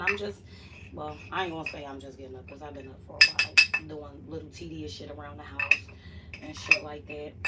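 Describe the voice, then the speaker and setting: A woman chats with her live-stream viewers from home in a loose, profane way. Her talk drifts between quiet murmurs and loud bursts. She sits some way off the mic, with a faint hiss in the background. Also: on the low side, distant mic. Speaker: vlogger hosting a live stream. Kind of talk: casual live-stream chat.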